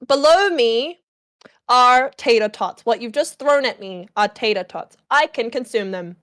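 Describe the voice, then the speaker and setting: Giggly high-voiced woman streamer. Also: expressive, unhurried, a bit bright. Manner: giggly, playful, exclaims and squeals. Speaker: VTuber and podcast co-host. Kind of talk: casual chat on a livestream.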